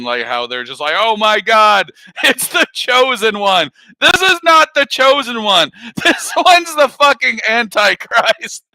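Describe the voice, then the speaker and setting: A man's voice: a little high, bright, forceful tone, clean tone, no echo, low-quality recording. A man on a live stream chatting casually, rambling, swearing a lot and laughing often.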